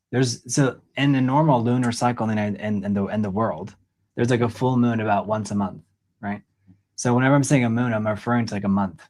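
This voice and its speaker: A man's voice: on the low side, steady tone, a little fast, darkish tone. A man coaching a young actor, explaining with lots of "like" and acting out line readings himself.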